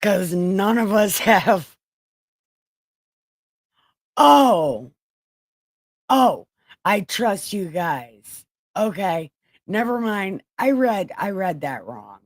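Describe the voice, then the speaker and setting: A woman in her forties hosting a livestream in casual, joking chat, swearing freely and laughing often, with a flat, robotic-sounding voice. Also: mid-range voice, extremely slow, long pauses, no echo, poor audio. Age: 40s. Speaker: livestream host.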